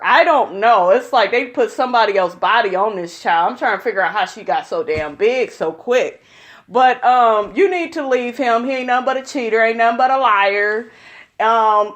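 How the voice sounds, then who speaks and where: A woman's voice: on the high side, fairly bright tone. Sassy, profane young woman vlogger. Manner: blunt, profane, sassy, calls viewers honey. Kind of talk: casual reality-TV commentary.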